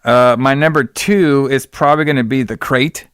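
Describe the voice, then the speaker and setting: A man chats loosely on a podcast, recapping a horror movie in slangy, rambling talk. His voice sits at an ordinary middle pitch. The sound is dry and close to the mic. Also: fairly even intonation, normal speed, fairly bright tone, clear, resonant tone, no room sound. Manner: rambling, slangy, acts out quotes in exaggerated voices. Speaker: podcast host. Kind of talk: casual movie recap chat.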